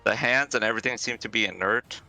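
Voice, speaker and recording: Man, game master, gravelly, bright tone, casual narration. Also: on the low side, quick pace, soft background music. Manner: casual, counts out movement aloud.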